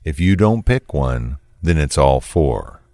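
A cold, menacing controlling man gives orders in a flat, commanding way, as a narrator reads him out. His voice is extremely deep and unhurried. The sound is dry and close. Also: no room sound, exaggerated voice.

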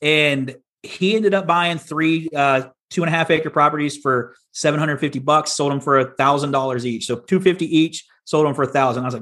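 Candid, somewhat high-voiced man from Texas. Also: fairly quick, hardly any pauses, a bit bright. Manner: candid, many restarts and repeats. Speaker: podcast guest. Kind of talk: casual storytelling.

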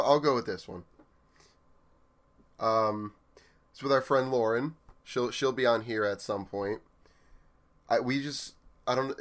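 A young man in a casual chat, easygoing and wry, often laughing. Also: fairly low pitch. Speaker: podcast co-host.

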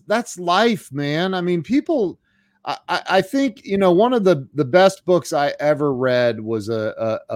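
A male host in casual interview chat who laughs easily and stammers through halting restarts. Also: mid-range voice, dry recording, studio quality.

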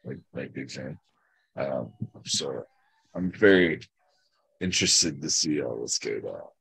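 A man co-hosting a casual chat, joking around and telling animated stories with a husky voice. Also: rumbling low, takes it slowly, dry recording.

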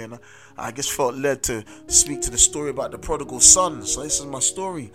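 A man's voice: mid-range voice, brisk. Guy preaching, keeps saying amen and listen to me, music playing under him. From South London. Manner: emphatic, repeats "amen" and "listen to me". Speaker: host and street preacher. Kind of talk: sermon-style testimony.

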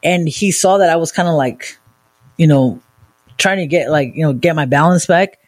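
A woman from Southern California, co-hosting a podcast and telling a wild story in a casual, profane, animated way. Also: sits low, normal speed. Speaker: podcast co-host.

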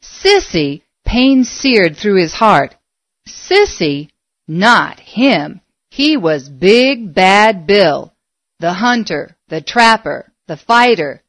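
A woman narrating a story aloud in a measured, expressive way. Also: medium pitch, no room sound. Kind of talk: audiobook narration.

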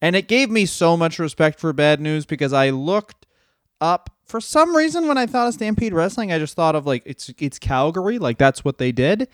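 A man's voice: fairly high pitch, expressive, moderate pace, no echo, clean studio sound. A man co-hosting a comedy podcast, telling stories in a sarcastic, profane, casual way. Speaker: podcast co-host.

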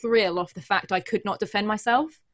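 A young woman appears as a guest, giving a candid, earnest, and emotional personal account in conversation, often restarting her sentences. She speaks at medium pitch and normal speed.

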